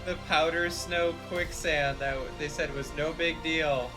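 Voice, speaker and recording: A woman streamer reacting to a gameplay video, expressive and talking back to the screen. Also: deep voice, unhurried, music in the background. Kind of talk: reaction commentary.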